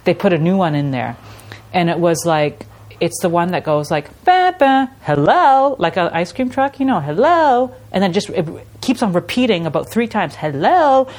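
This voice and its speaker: A woman's voice: fairly low pitch, brisk. A middle-aged woman, an artist, chatting casually in an interview and telling stories with laughs and imitations. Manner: animated storytelling with laughs and imitations. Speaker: artist guest.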